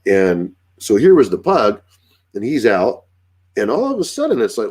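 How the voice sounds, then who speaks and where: Animated, low-voiced man dog trainer. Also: moderate pace, husky. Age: adult with a young daughter. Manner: animated, acts out dialogue with dogs and owners. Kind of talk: casual spoken dog-training advice.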